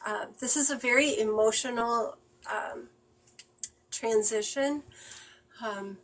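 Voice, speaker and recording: Emotional, halting woman medium, higher voice. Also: fairly even intonation, rough recording. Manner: halting and emotional, many fillers and sighs. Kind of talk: live-stream mediumship reading.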